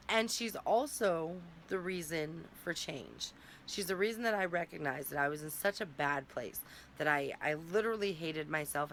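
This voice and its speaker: A woman's voice: lowish voice, a bit bright. Candid young woman vlogging, faint hiss. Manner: candid, rambling, tearful at times. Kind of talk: emotional personal vlog.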